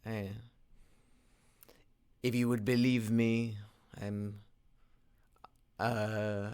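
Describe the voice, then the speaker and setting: A man talking through a reflective solo monologue, halting with frequent restarts and repeated words, earnest in tone. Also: on the low side, level tone, a little mellow, clean tone. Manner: earnest, self-motivating. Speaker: independent voice actor and producer.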